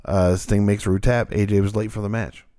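A man's voice: lowish voice, level tone, fairly quick, mellow, no echo, clean studio sound. A man co-hosting a podcast in loose, rambling casual chat, swearing freely. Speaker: podcast co-host.

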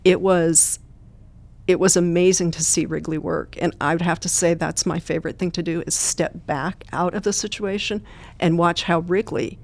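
A woman's voice: lowish voice, fairly even intonation, moderate pace, creaky, darkish tone. A woman guest who trains therapy dogs, telling earnest, plain-spoken stories in an interview. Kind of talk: storytelling interview answers.

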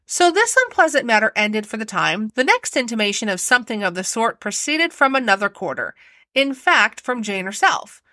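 A woman narrating a storybook reading in a measured, composed way. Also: a little high, big pitch swings, bright, forceful tone, no echo, studio quality.

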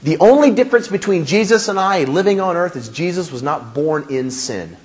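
A male pastor preaching a sermon, animated and emphatic, with humor and rhetorical questions. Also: high voice, brisk.

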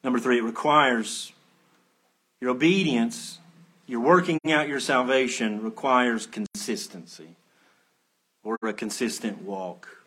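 A man preaching an expository sermon, earnest, swelling to emphatic peaks, then dropping low, with conversational asides and rhetorical questions. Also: measured pace, pauses often, fairly bright tone, slightly rough. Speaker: pastor.

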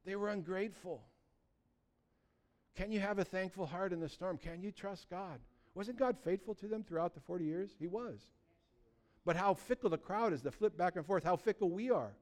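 A man preaching a sermon, telling stories with lively acted-out voices, swinging from loud and urgent to quiet and earnest. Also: high voice, normal speed. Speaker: pastor.

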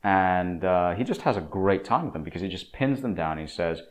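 A man with a deep, low-pitched voice talks at length in an opinionated monologue. His delivery is emphatic and preachy. He often stumbles, restarts and repeats words as he pushes his point. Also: lively intonation, moderate pace, hardly any pauses.

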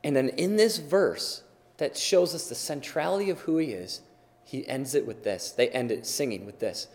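A man preaching a sermon with emphatic delivery, repeating words for stress and swinging between loud and soft. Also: mid-range voice, lively intonation, normal speed. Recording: long hall reverb.

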